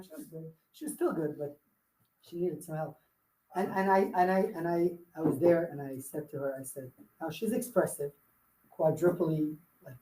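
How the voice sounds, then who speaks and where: Leading a live workshop for salespeople before an audience in an echoey meeting room, this sales trainer speaks in a voice on the high side with a darkish tone. He's emphatic and playful, drilling his points in through repetition.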